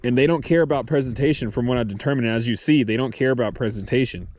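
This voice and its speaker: A man vlogging his solo fishing trip outdoors, talking excitedly to the camera and the fish he catches, swearing casually as he films himself. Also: mid-range voice, fast talker, slight background noise. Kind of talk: excited outdoor vlog commentary. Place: outdoors on a reservoir shore.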